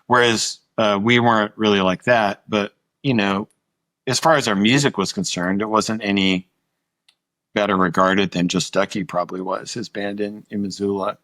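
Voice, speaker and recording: Middle-aged man from Montana, casual storyteller who swears freely; lowish, dry. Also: steady tone, normal speed, fairly bright tone, dry recording. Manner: anecdotal, acts out quoted dialogue, swears casually. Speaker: musician guest. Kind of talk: storytelling interview.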